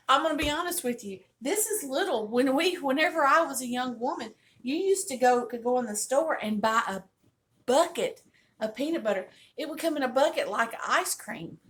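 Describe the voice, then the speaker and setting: A woman's voice: a little high, slight background noise. Chatty Southern woman in her kitchen. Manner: folksy, chatty, storytelling. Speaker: cooking channel host. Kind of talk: casual cooking demonstration. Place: home kitchen.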